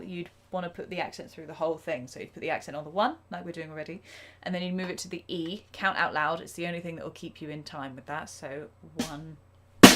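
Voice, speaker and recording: A woman teaching a live drum lesson, chatty and self-deprecating, counting beats out loud. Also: low voice. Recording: drum kit playing loudly behind.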